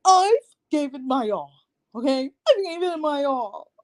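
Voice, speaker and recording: A woman's voice: high-pitched, takes it slowly, darkish tone, dry recording, pitched above the performer's own voice. A woman doing a mocking impression of a tearful young woman who whines and pleads that nothing is her fault. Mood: whiny, tearful. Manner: sobbing, self-pitying, dramatic.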